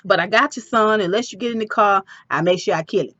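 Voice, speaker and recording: A man's voice: high-pitched, fast talker, pushed and bright, no room sound, highs cut off. A woman quoting a menacing grown man out for revenge, speaking in taunts and threats. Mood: taunting.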